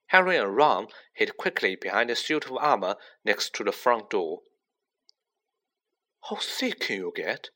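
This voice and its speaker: Animated, bright-voiced male audiobook narrator. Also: mid-range voice. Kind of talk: scripted storybook narration.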